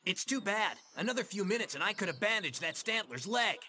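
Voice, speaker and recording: A man's voice: high voice, lively intonation, a little fast, sharp tone, slight background noise, exaggerated voice. A hammy, lovestruck young guy. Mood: earnest.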